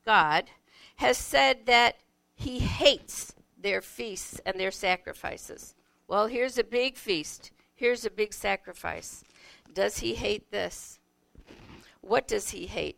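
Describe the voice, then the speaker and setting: A woman giving a reflective Bible teaching, unhurried and searching, often asking the listener questions. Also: mid-range voice, creaky, a bit bright, dry recording.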